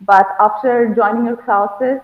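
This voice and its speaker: A woman's voice: fairly high pitch, steady tone, unhurried. A woman from India with an Indian English accent, a Bengali speaker, talking as a student in an online interview, hesitant with many fillers. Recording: echoey tinny call audio.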